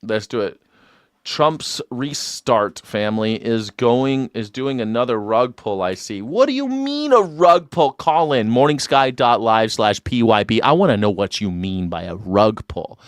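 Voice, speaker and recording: A man's voice: medium pitch, animated, a little slow, no echo, studio quality. A man hosting a live call-in show, talking in a mocking, sarcastic way and laughing often. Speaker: livestream show host.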